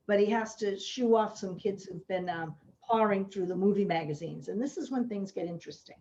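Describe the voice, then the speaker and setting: Brief: woman mystery author, middle pitch, reads with lively dialogue, dull lo-fi sound. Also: fairly quick, hardly any pauses. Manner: lively reading with quoted character lines. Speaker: mystery novelist and guest. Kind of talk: reading from her own novel. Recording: dull lo-fi audio.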